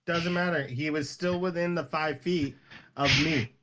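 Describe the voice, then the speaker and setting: A man's voice: a little high, unhurried, a bit bright. A man arguing tabletop game rules. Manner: competitive, argues rules. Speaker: player. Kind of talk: casual chat at a game table.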